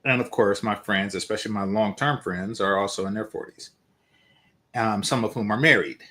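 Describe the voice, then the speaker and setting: A man's voice: lowish voice, normal speed, bright, forceful tone. Man in his forties giving casual commentary. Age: 40s. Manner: conversational, opinionated, addressing viewers. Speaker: host.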